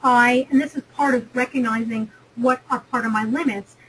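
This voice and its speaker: A woman's voice: on the high side, fairly even intonation, moderate pace, fairly bright tone, slight background noise, rough recording. A woman from New Jersey giving a chatty, emphatic webinar lecture on negotiation, often repeating and restarting phrases. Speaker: career webinar presenter.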